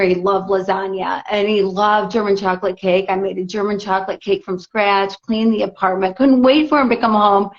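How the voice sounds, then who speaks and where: A middle-aged woman, a guest author, tells a personal story in a casual interview chat, animatedly acting out what people said. Her voice is medium in pitch at a moderate pace, with few pauses. The audio is dull and lo-fi.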